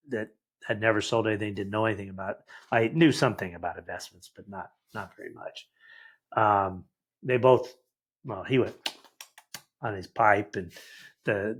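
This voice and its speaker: A lowish, husky male voice in his sixties, a guest on a conversational podcast. He tells anecdotes with lively energy and slips into the voices of the people he quotes. The delivery is casual and sincere. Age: 60s. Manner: animated anecdotal, acts out quoted dialogue. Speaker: guest entrepreneur. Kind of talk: conversational storytelling.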